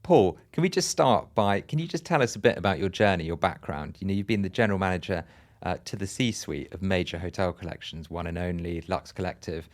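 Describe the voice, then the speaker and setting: Low-voiced effusive male host. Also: animated, a little fast. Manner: effusive, praising introductions. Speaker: podcast co-host. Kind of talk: interview hosting.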